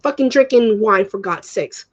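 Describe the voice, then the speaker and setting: A woman's voice: medium pitch, animated, moderate pace, dull audio. A young woman who grew up speaking Spanish, ranting emotionally and swearing in a home vlog. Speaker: vlogger.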